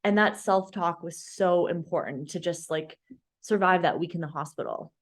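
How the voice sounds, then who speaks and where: Lively woman telling a story. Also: on the low side, moderate pace. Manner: animated storyteller, laughing at her own story. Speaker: podcast guest, registered dietitian. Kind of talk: casual storytelling interview.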